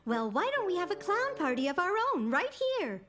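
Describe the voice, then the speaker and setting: A woman's voice: sits high, very animated, fairly quick. A woman voicing a kind, encouraging older grandmother in a children's cartoon. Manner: soft, encouraging, lilting.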